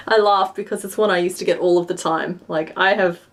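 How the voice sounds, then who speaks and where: A woman's voice: on the low side, fairly even intonation, normal speed. Young woman, West Australian accent; casual, self-deprecating live-stream chat while crafting. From Western Australia. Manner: chatty and self-deprecating, narrating her hands-on work. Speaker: crochet streamer.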